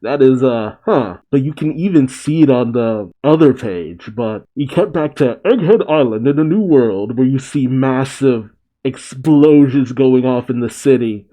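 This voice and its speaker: A man's voice: medium pitch, a little slow, dark tone. A man hosting a manga reaction video, recapping the chapter with frequent exclamations and laughs. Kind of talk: excited reaction commentary reading a comic.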